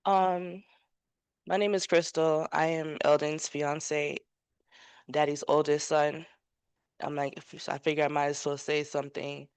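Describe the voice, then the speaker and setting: Hesitant woman with a smooth, even voice. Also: deep voice, unhurried, no room sound. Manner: soft-spoken, hesitant, with many "um"s. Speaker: son's fiancée giving a eulogy. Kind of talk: memorial eulogy.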